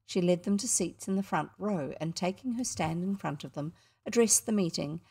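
A woman with a New Zealand accent narrating a children's book in a measured, expressive way. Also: on the low side, vocal fry, husky. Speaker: audiobook narrator. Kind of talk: storybook narration.

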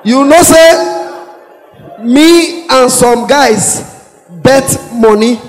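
A man with a Nigerian Pidgin English accent telling a stand-up comedy story, animated, acting out the voices of the police with shouts and laughter. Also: very high voice, drawn-out words. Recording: echoey hall with long reverb.

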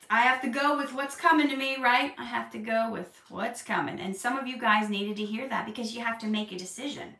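A woman's voice: a little high, recorded from a distance. A woman hosting a live Q&A stream, chatting casually with viewers and turning earnest and preachy. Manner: earnest, preachy, animated when excited. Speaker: livestream host answering viewer questions. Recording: roomy echo, a bit off-mic.

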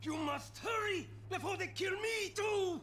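An actor playing a grizzled, vengeful middle-aged soldier with a gravelly, intense voice that breaks into shouts, heard as game audio with a musical score behind. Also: male voice, very high voice, unhurried, a little hiss or hum. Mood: urgent.

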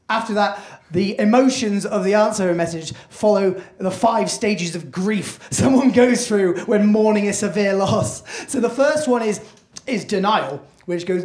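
A man's voice: high voice, normal speed, darkish tone. A male comedian working a club stage, chatty and self-deprecating, with a casual swearing habit. His voice rings with the echo of a live room. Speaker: stand-up comedian. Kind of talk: stand-up comedy set.

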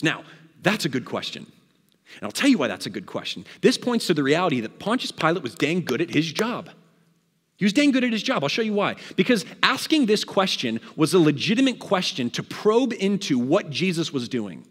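A male pastor preaches with a slightly high, husky voice that leaps up and drops low as he acts out the scene. His words roll out into a church hall with a long, lingering echo. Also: brisk. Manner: animated, dramatizes scripture with voices. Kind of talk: sermon.

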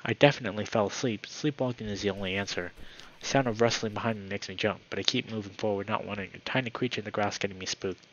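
Man, lowish voice, first-person story reading, steady and measured, dull lo-fi mic, faint hiss. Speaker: channel host. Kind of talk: reading a visual novel aloud in first person.

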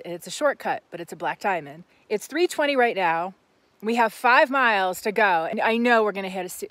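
A woman's voice: mid-range voice, fairly bright tone, no room sound. A woman vlogging as she pushes her bike up a steep mountain trail, talking to the camera in a breathless, exasperated way and swearing now and then. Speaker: adventure vlogger. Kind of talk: casual talk to camera. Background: music.

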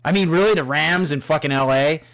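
A man's voice: fairly high pitch, a little fast, fairly bright tone. A middle-aged man hosting a podcast, telling rambling stories in a casual, constantly swearing monologue. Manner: profane, storytelling, swears constantly. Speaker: podcast host.

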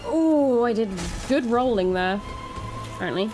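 A young woman giving casual let's play commentary, expressive and chatting to the game and her dog. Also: a little high, a little slow, music in the background, low-quality recording. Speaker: gaming streamer.

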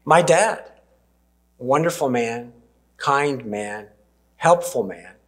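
A Canadian man in his sixties, a preacher giving a sermon full of personal stories, with gentle laughs and emphatic pauses. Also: mid-range voice, animated.

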